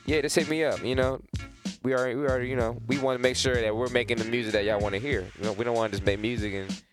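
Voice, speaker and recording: A man's voice: mid-range voice, steady tone, fast talker, music in the background. A man guesting on a radio show as a rapper, talking in a laid-back way with lots of "you know". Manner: laid-back, repeats himself, says "you know" a lot. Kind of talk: casual radio chat.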